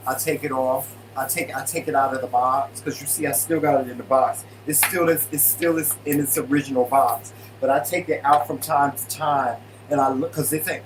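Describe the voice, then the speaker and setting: A man co-hosting a casual live stream from his living room, greeting viewers in an animated, playful way. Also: mid-range voice, normal speed, few pauses, distant mic, slight background noise, poor audio. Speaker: co-host of a live stream show.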